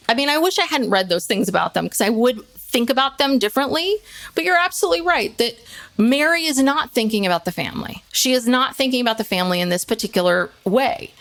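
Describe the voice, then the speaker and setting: A woman co-hosting a podcast in casual chat, talking in quick restarts and dropping lower to mimic others. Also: expressive, fairly bright tone. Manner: chatty, restarts a lot, mimics people in a lower voice. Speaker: podcast co-host.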